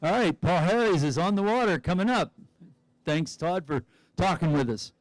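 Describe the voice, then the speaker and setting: A man's voice: high-pitched, expressive, normal speed, no echo. A man giving live sports commentary who chats and thinks aloud about each skier's options.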